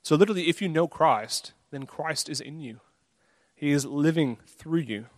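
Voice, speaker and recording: A man's voice: a little high, moderate pace, dry recording. A man preaching a sermon, earnest and conversational, acting out his own inner thoughts with a self-deprecating touch.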